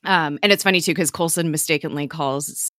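A woman's voice: low voice, fairly quick, a bit bright, no room sound, clean studio sound. A young woman co-hosting a podcast, recapping a TV episode in a chatty way, full of fillers, playful quotes and laughing asides. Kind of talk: casual chat.

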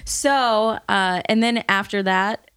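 A woman's voice: medium pitch, takes it slowly, fairly bright tone, clean tone, dry recording, clean studio sound. A woman co-hosting a church podcast, giving chatty, upbeat announcements with frequent giggles. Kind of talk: casual podcast chat, announcements.

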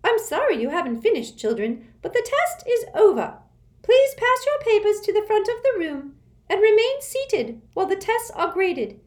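A woman voicing a stiff, stern, thin female test administrator who gives sharp, clipped commands. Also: very high-pitched, sing-song, moderate pace, voice pushed up.

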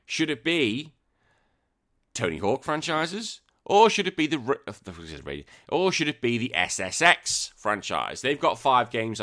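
A man's voice: medium pitch, sharp tone. A man hosting a podcast, chatting casually in a rambling, joking way with frequent swearing. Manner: swearing, rambling, jokey tangents. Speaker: podcast host.

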